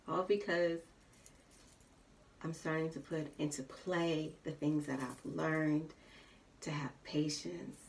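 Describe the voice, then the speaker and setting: Woman vlogger, fairly low voice, candid rambling chat, recorded a bit away from the mic. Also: vocal fry, recorded from a distance. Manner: candid, rambling, repeats herself, lots of fillers. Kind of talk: casual chat.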